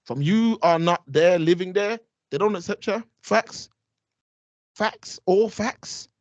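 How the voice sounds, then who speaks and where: A man's voice: sits high, takes it slowly, no room sound, highs cut off. Emphatic young English man, heavy. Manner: emphatic, repeats his points, street slang. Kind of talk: casual chat.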